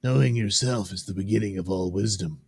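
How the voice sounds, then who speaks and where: Man doing a high mocking comic-book voice. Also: brisk, darkish tone, breathy edge, no echo, clean studio sound.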